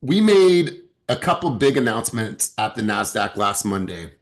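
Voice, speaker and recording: A man's voice: on the low side, big pitch swings, moderate pace. A man, a sales director and coach, giving an emphatic motivational talk to his team and repeating words as he starts sentences.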